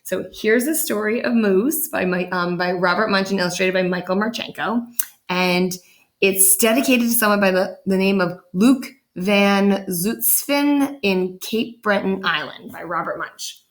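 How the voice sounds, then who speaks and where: A teacher reading a picture book aloud to her class, with animated, expressive storytelling. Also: medium pitch, unhurried.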